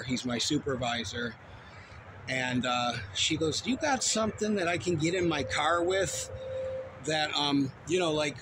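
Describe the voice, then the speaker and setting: A man's voice: a little high, noisy background. A man who works as a store cashier tells a rambling, profane story in a heated, casual way.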